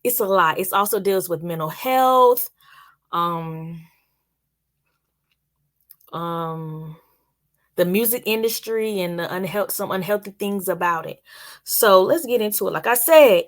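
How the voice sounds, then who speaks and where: A woman's voice: on the low side, a little slow. A young adult woman giving a casual, chatty spoken review of a TV series and talking straight to her viewers. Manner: chatty, addresses viewers directly.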